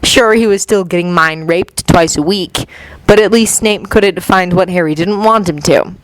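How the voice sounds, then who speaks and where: A woman reading a fan fiction story aloud in a steady, even audiobook narration. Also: on the low side, normal speed, dry recording, rough recording.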